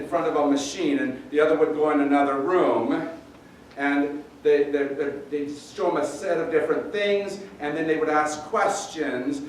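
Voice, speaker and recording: A man's voice: a little high, a little hiss or hum. Man preaching in a roomy church. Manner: conversational, halting with repeated words. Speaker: pastor. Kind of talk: sermon. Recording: roomy echo, distant mic, faint ambience.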